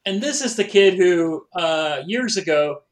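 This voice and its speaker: A man's voice: high voice, animated, unhurried. A man co-hosting a podcast in casual chat, telling rambling anecdotes full of filler words. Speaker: podcast co-host. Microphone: remote podcast recording.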